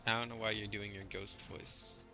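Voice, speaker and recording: A man's voice: on the low side, little pitch movement, normal speed, over music. A man streaming a game, chatting casually and explaining details in a pedantic, pun-loving way. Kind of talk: casual gameplay commentary.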